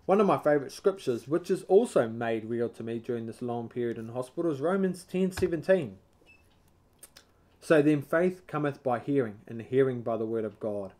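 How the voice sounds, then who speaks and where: A man leading a Bible study, reading a devotional book aloud in a measured way, now and then stumbling and correcting himself. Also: medium pitch, a little mellow.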